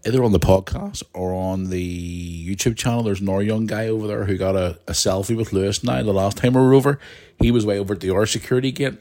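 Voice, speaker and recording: A man's voice: fairly low pitch, darkish tone. A young man hosting a podcast, telling a long rambling story with plenty of restarts and asides to his listeners. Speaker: podcast host. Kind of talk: casual storytelling monologue.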